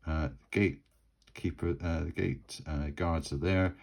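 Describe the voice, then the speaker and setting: A man's voice: low-pitched, fairly even intonation, takes it slowly, vocal fry, darkish tone, low-quality recording. A man narrating his solo tabletop role-playing game in a rambling, chatty way. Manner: rambling, many fillers and restarts.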